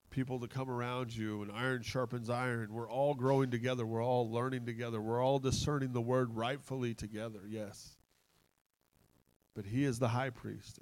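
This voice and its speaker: An excitable male pastor preaching with passion, his voice sitting at an ordinary middle pitch. He laughs easily and talks straight to his congregation. The sound is dry and close, with little room echo. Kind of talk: sermon. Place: church.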